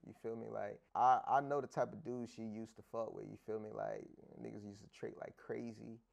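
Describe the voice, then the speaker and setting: A man from Africa, an interview guest telling stories in a casual, animated, profane slang style, acting out dialogue in other voices. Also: on the low side, brisk, vocal fry. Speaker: interview guest, sports bettor. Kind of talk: casual storytelling chat.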